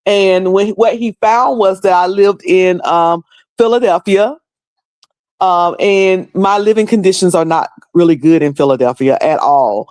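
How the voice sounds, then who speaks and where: Chatting casually on her livestream, this North Carolina woman with a Southern US accent rambles, often restarting and using fillers. She speaks a little slowly in a lowish, darkish voice, with studio-quality audio and no room sound.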